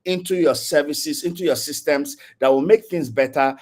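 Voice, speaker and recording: A man with a Nigerian accent giving an online tech talk as presenter over a video call, hesitating often with fillers and pitch that rises and falls. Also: normal speed, a little mellow.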